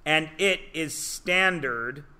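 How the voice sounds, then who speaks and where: Joking man teaching a class, bright voice. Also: fairly high pitch, takes it slowly. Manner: joking, self-deprecating, talks to students. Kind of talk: classroom lecture.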